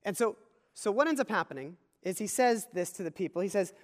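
A man's voice: sits high, expressive, a little fast, long reverb tail. A man preaching a conversational sermon as pastor, often repeating key phrases.

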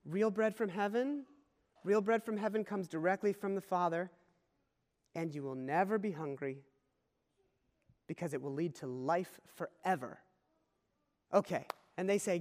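A man's voice: high-pitched, measured pace, pauses often, darkish tone, big-room sound. A man preaching a conversational sermon as pastor, often repeating key phrases.

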